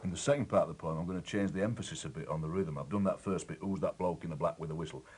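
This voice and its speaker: A poet chatting in a lively, musing way about how he builds a poem. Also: sits low, racing, slight background noise. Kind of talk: explaining how he writes a poem. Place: outdoors at a football match.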